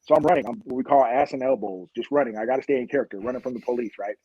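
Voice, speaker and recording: A man's voice: medium pitch, racing, husky, no echo, muffled recording. A man from Long Beach, a police officer guest on a podcast, telling street stories in a blunt, impassioned way. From Long Beach, California. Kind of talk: podcast interview storytelling.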